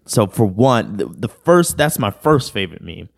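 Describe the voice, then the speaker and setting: A man's voice: lowish voice, very animated, moderate pace, vocal fry. A man hosting a podcast in a casual, rambling, slangy chat. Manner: rambling, laid-back, slangy. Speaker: podcast host.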